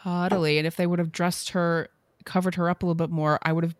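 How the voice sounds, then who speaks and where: Blunt woman with a lowish voice. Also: level tone, fast, dry recording. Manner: blunt and opinionated. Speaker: co-host. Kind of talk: casual discussion.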